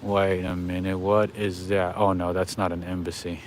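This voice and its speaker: A man's voice: sits low, flat delivery, moderate pace, a little hiss or hum. A man hosting a walking livestream outdoors on a city street at night, chatting straight to his viewers and chuckling often. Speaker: livestream host. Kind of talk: casual walking livestream chat.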